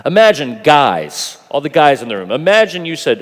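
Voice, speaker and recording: A man preaching a sermon at a youth conference, animated and playful, acting out voices as he goes. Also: on the high side, normal speed. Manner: animated, acts out quoted voices, laughs often. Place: large conference hall. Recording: long hall reverb.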